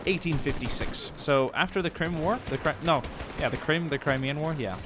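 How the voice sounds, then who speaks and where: A young Swedish man with a fairly high voice keeps a moderate pace while joking and rambling over a war game. Loud in-game gunfire and artillery fill the background of his gameplay commentary.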